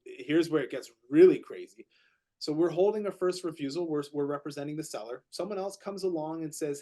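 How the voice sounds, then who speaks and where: Male podcast co-host, higher voice, animated storyteller who restarts and repeats words. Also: moderate pace. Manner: animated, repeats words when excited, acts out quotes. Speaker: podcast co-host, real estate agent. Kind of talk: casual storytelling chat.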